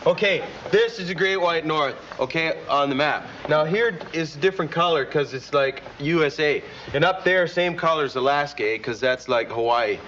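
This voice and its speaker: An actor playing a dim-witted, chummy Canadian TV host, with a Canadian accent and a folksy rambling manner, full of "eh" and "like.". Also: male voice, on the high side, moderate pace, hardly any pauses, fairly bright tone, close to an everyday voice. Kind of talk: sketch comedy TV show. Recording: dull lo-fi old TV clip, faint hiss.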